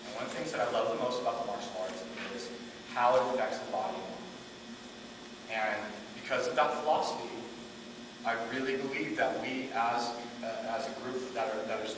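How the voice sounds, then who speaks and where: A middle-aged man teaching a martial arts class, telling animated stories and acting out quotes. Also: mid-range voice, brisk. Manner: animated storyteller, acts out quotes, laughs often. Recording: echoey hall from far off, background noise.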